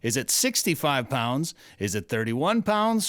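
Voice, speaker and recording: A male radio host with a bright, forceful voice, telling stories and running trivia in an easygoing, rambling way. The studio sound is dry and close. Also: medium pitch, big pitch swings, a little slow, no echo. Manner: chatty, loose storytelling with restarts. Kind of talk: casual radio banter and trivia.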